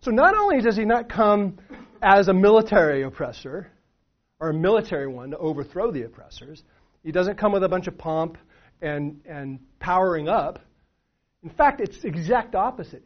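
A man's voice: sits high, big pitch swings, moderate pace. A middle-aged man preaching a sermon in a conversational way, full of restarts and rhetorical questions. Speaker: pastor. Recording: dull lo-fi sound.

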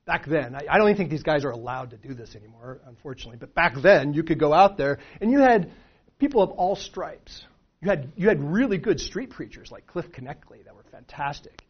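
A middle-aged man preaching a sermon, talking it through casually with restarts and "right?" questions to the room. His voice sits a little high for a man. The recording is muffled and lo-fi. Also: animated, brisk, breathy edge. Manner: conversational, with restarts and rhetorical questions. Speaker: pastor. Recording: dull lo-fi sound.

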